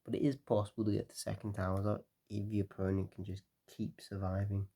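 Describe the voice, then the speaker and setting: Tired man with a low gravelly voice. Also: a little fast. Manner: relaxed, rambling, frequent fillers. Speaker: card game deck explainer. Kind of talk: casual deck walkthrough.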